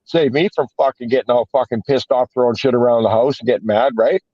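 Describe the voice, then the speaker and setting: A fast-talking man with a medium-pitched voice and no room sound chats casually on a podcast. He tells a rambling story packed with swearing and filler words, and the audio is dull, dry, and lo-fi.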